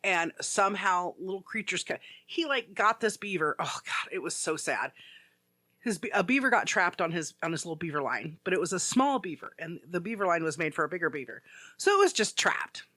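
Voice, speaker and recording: A man's voice: sits high, animated, a little fast, pushed and bright, no room sound. A man co-hosting a casual podcast chat, telling a rambling story full of "like". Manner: rambling storyteller, heavy use of "like". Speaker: podcast co-host.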